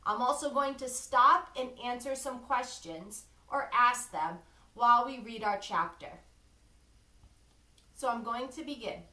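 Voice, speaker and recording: A woman teacher reading a lesson to young children, slow and clearly enunciated, encouraging them to repeat after her. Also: on the high side, bright, forceful tone, far from the mic. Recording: echoey room, a bit off-mic.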